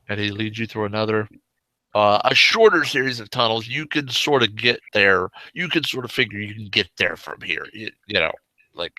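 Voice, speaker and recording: Slow, bright-voiced male game master. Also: on the low side, no room sound. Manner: relaxed, meandering descriptive narration. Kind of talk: narrating a tabletop game.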